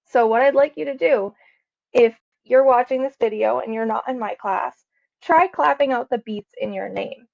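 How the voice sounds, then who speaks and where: Gravelly teacher woman, slightly high voice. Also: no echo, dull audio. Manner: slow, patient, sounding out words. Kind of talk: classroom lesson video.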